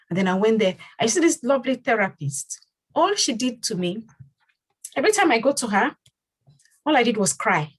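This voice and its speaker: A woman's voice: a little high, lively intonation, a little fast, breathy edge, poor audio. A woman who leads her community and hosts a panel discussion. She speaks earnestly and repeats phrases for emphasis. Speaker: community leader and host.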